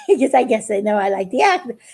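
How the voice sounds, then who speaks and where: A woman's voice: fairly high pitch, huge pitch swings, fairly quick, creaky, darkish tone, breathy edge. A middle-aged woman chatting to her viewers in a rambling personal story, giggling often and restarting her sentences. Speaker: vlogger.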